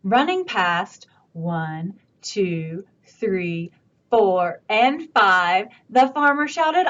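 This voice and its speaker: Slow, gentle storytime librarian woman. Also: medium pitch, sing-song. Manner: slow, gentle, coaxing questions to kids. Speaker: children's librarian. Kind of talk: virtual children's storytime reading. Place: library room, indoors. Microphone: camera on a stand. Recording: dull lo-fi camera audio, faint room hiss.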